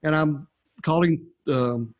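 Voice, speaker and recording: Taking it slowly, an older podcast guest recounts his experiences in a fairly high voice. His testimony wanders conversationally and is packed with filler words.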